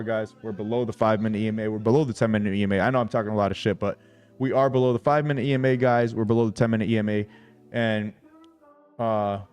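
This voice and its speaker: A man's voice: lowish voice, a little mellow. A young man hosting a trading livestream, talking brashly to his chat, swearing often and hyping himself up.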